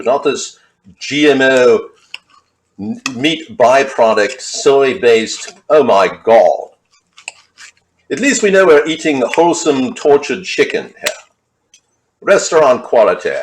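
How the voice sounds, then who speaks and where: A man's voice: mid-range voice, slight background noise. A man cooking in a home kitchen, rambling playfully with mock-posh asides as he demonstrates a recipe. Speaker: home cook vlogger.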